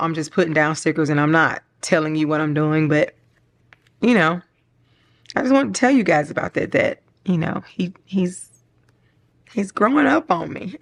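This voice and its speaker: A middle-aged woman chatting casually and rambling while she decorates her planner, laughing often and getting choked up. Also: fairly low pitch. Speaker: planner vlogger.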